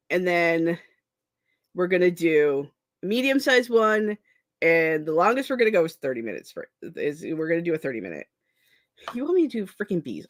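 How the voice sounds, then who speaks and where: Her voice sits on the low side as this tired young streamer chats casually on her productivity live stream. She's scattered and self-deprecating, laughing frequently while rambling, and the audio is dry and clean like a studio.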